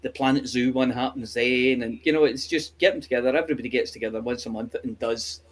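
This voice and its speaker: A man co-hosting a podcast in casual chat, chatty and quick to laugh. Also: medium pitch, steady tone, breathy edge. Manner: chatty, laughs often, jokey asides. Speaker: podcast co-host.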